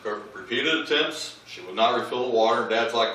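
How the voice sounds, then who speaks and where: A man's voice: mid-range voice, fast, bright, forceful tone, heavy reverb, recorded from a distance, slight background noise, rough recording. A man giving a humorous eulogy, telling family anecdotes and acting out the voices of the people in them. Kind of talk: storytelling eulogy at a memorial. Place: large memorial hall with audience. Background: audience laughter.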